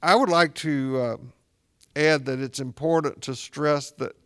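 A man, a spiritual director, talking casually about Buddhist practice as a reflective, gently wry storyteller. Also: on the high side, unhurried.

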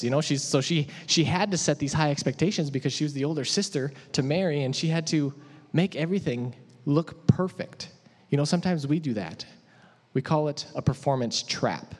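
A man preaching a sermon in a conversational, animated way, asking his audience questions. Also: medium pitch. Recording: echoey hall.

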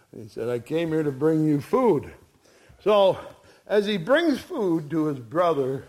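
A man's voice: on the high side, animated, takes it slowly, a little mellow. A man preaching a sermon in a folksy storytelling way, chuckling as he goes. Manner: folksy, chuckles through his stories.

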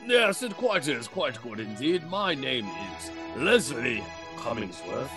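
A man's voice: medium pitch, very animated, takes it slowly, over music, pitched below the performer's own voice. A man putting on a pompous, mock-formal show-host voice. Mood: stuffy.

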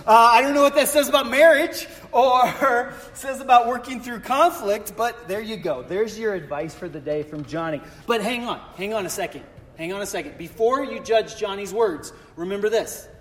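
A man with a high voice preaches to his congregation, a pastor who keeps things loose with jokes and self-deprecating asides. His words trail off into the long reverb of a large church sanctuary. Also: normal speed, a bit bright, slight background noise. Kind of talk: casual humorous sermon.

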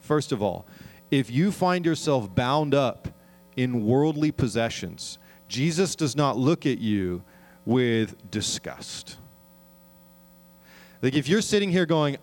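A male pastor preaches in an earnest, conversational voice of middle pitch. He often turns to the congregation with questions. He slows down to read scripture aloud. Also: big pitch swings, a little mellow. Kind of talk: sermon.

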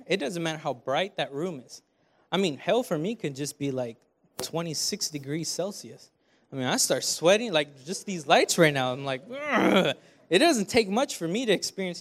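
A young man preaching a conversational sermon from a church stage, talking to the crowd with lots of rhetorical questions. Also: on the high side. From Canada. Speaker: preaching student.

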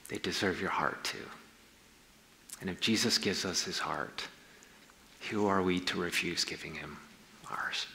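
A low-pitched man preaching a casual, story-driven sermon, his voice bright and forceful. Long reverb from a large hall trails every phrase. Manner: conversational, storytelling, slangy asides. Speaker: pastor.

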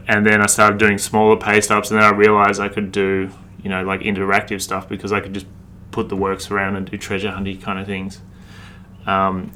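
A man's voice: lowish voice, sharp tone, a little hiss or hum. A man in his thirties with an Australian accent, a street artist chatting laid-back and swearing freely in an interview. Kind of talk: casual interview chat.

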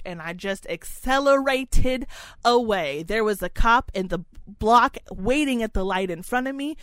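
Podcast co-host, female, higher register, profane and animated storyteller, dry close mic. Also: moderate pace, no echo. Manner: profane, animated, gets loud and excited. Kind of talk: casual storytelling chat. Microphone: studio mic, close.

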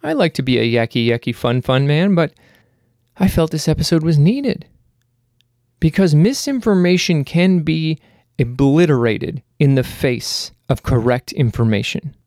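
A man's voice: on the high side, animated, a little slow, a little mellow, no room sound, clean studio sound. A man hosting a casual monologue. He rambles with self-mocking jokes and then turns earnest and pleading. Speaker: host.

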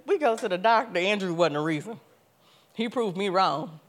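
A young adult woman giving a church testimony, telling her story with animation, acting out her own past words and rising to loud, emphatic preaching. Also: medium pitch, big pitch swings, measured pace.

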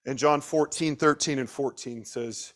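A man preaching a sermon, swinging between loud emphatic bursts and quiet, slowed asides, and putting questions straight to his listeners. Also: medium pitch. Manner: talks directly to the listeners with questions.

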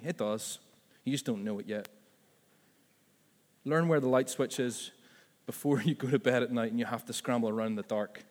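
A man's voice: medium pitch, steady tone, normal speed, darkish tone, long reverb tail. A man preaching a sermon as pastor, conversational and full of asides and self-corrections.

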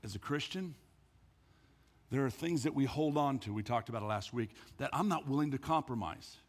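A man's voice: mid-range voice, moderate pace, husky. A man preaching a sermon as pastor, emphatic, often repeating words as he builds a point. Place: church hall. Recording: echoey hall.

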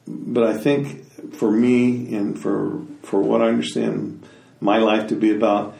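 A man from Cherokee country, reflective and halting, sharing traditional stories in an interview. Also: fairly low pitch, little pitch movement, creaky, dark tone. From Cherokee country, United States. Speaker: storyteller, interviewee. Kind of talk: interview and oral storytelling. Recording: roomy, from a distance.

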